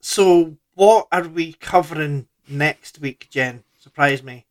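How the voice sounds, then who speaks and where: A man's voice: a little high, slow pace. A man co-hosting a podcast, chatting casually about a film in a loose, laid-back way with trailing sentences. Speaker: podcast co-host.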